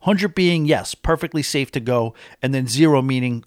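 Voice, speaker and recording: Man, vlogger, casual monologue, opinionated, emphatic, mid pitch, dry close sound. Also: normal speed, dry recording. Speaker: cruise vlogger.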